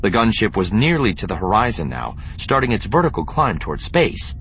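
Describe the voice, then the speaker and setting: A man narrates an audiobook in a deep voice. His reading is measured and expressive, with lively, varied pitch. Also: a little hiss or hum. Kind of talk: scripted narration.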